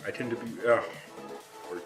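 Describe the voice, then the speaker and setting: A man's voice: mid-range voice, normal speed. A man hosting a casual live stream, rambling to himself between greetings to his viewers. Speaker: live-stream host and artist. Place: room at home, seated in a chair. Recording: echoey room with music playing behind.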